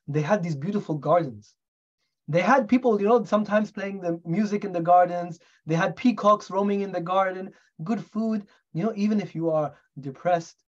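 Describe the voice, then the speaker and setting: A man's voice: sits high, husky, dull audio. A middle-aged man from the UK, a doctor giving a talk on medical history in a storytelling way, often asking the audience rhetorical questions. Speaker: guest speaker, doctor.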